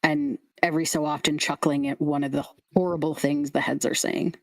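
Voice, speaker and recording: A woman's voice: low voice, little pitch movement, a little fast, vocal fry, darkish tone, dry recording. A woman game master casually narrating a tabletop game, with laughing asides.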